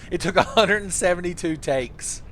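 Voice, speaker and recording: A man's voice: high-pitched, moderate pace, a bit bright, slight background noise. A man streaming a game live, chatting casually and joking as he rambles through questions from his chat.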